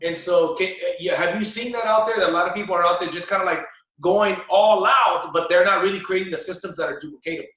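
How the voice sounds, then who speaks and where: A man's voice: sits high, quick pace, fairly bright tone. Male interview guest, hesitant explainer, full of fillers; echoey room, mic far off. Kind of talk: casual interview conversation.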